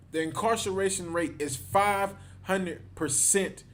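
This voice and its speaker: A man with a somewhat high-pitched voice leads a livestreamed scripture class. He talks emphatically, circling back over the same points and tagging phrase after phrase with "man". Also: unhurried, hardly any pauses, fairly bright tone, slight background noise. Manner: emphatic, repeats himself, ends phrases with "man". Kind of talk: livestreamed teaching.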